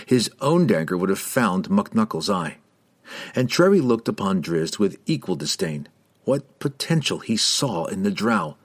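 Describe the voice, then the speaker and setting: Male audiobook narrator, lowish voice, measured dramatic fantasy reading.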